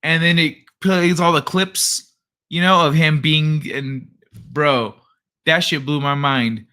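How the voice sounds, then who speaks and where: A young man with a bright, forward voice hosts a late-night live stream. He talks in a loose, rambling, laid-back way and swears freely, speaking into a desk microphone. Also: on the high side, fairly even intonation, slow pace, smooth. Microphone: desk microphone he adjusts.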